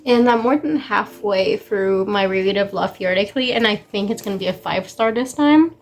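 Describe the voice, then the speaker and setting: A woman chatting casually in a reading vlog, gushing excitedly and peppering her talk with "like.". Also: mid-range voice, normal speed, faint music behind. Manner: gushing, excited, heavy use of "like". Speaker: book vlogger.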